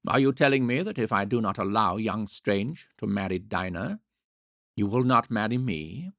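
A man reading the part of a pompous middle-aged gentleman who talks gruffly and blusters, in a low, gravelly voice. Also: animated, moderate pace, dry recording, clean studio sound.

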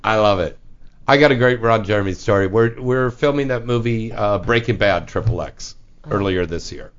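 A man's voice: fairly low pitch, moderate pace, lo-fi sound. A man hosting a radio show, chatting loosely and a little tipsy, reading out the call-in number. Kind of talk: casual drunk studio banter.

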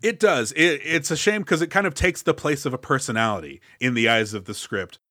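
A man gives blunt, sarcastic opinions on a film as co-host of a casual podcast. He throws in quick mock quotes to make his point. His voice is at a middle pitch, with a dry, close sound. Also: sharp tone, no room sound. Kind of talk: casual movie review banter.

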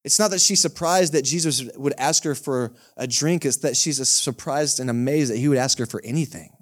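A male pastor, preaching a sermon in a conversational, joking way and often checking in with the congregation. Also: a little high. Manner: conversational, joking, keeps asking the congregation "right?". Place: church service held in a cinema.

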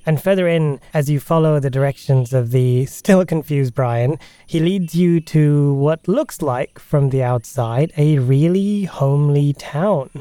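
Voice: medium pitch, a little slow, hardly any pauses, warm tone, clear, resonant tone, no echo. A podcast game master narrating a tabletop adventure in a casual, descriptive way.

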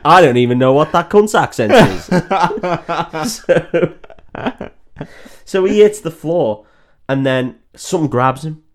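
A man's voice: on the high side, animated, slow pace, pauses often. A man co-hosting a comedy podcast, recapping a film in a rambling way, laughing and swearing often. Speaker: podcast co-host.

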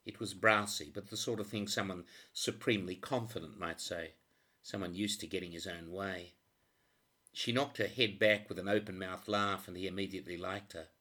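A man narrating a crime novel audiobook in a steady, even reading voice. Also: sits low, moderate pace.

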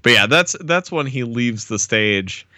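A man's voice: medium pitch, animated, a little slow, bright, forceful tone, no echo, studio quality. A man co-hosting a podcast, casually talking through a TV episode, with frequent restarts and laughter. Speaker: podcast co-host.

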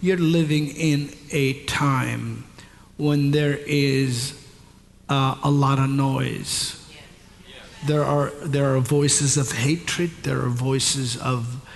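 A man's voice: medium pitch, steady tone, gravelly. Man preaching in a reverberant hall. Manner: builds from measured teaching to shouted climax, repeats words. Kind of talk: sermon. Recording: long hall reverb, faint ambience.

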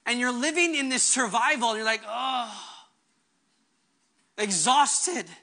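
Male pastor, sermon delivery, high-pitched and earnest, fervent with quick asides. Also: pushed and bright.

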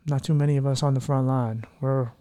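A man's voice: mid-range voice, fairly even intonation, fairly quick, mellow. A man hosting a podcast in casual chat, talking in an earnest, heartfelt, rambling way. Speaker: podcast host.

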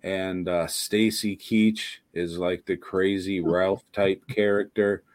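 A man with a lowish voice rambles through a horror podcast chat, laughing and swearing as he goes. He speaks slowly and takes his time. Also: level tone. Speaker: podcast co-host. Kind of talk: casual chat.

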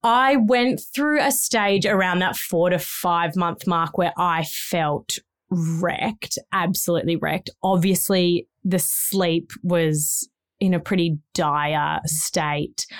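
Frank mum chatting on a podcast. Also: female voice, lowish voice, takes it slowly, smooth. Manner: frank, rambling, with self-deprecating laughs. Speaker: podcast co-host, mother of three. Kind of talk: candid podcast chat.

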